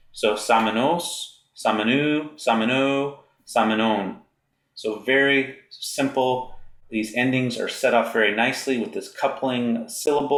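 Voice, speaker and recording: Man lecturing in an echoey room. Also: medium pitch. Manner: slow, deliberate recitation of endings. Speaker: Greek grammar teacher. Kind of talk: recorded grammar lecture.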